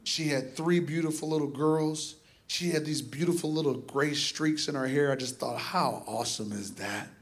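Middle-aged male pastor, sermon delivery, fervent, repetitive exhortations, fairly high voice. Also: fairly even intonation, normal speed. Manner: impassioned, builds to emphatic repeated exhortations.

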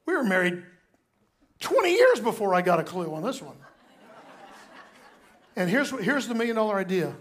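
An older male pastor delivering a sermon with a high, light voice. He tells stories and swings between hushed moments and loud, emphatic bursts. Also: very animated, normal speed, long pauses.

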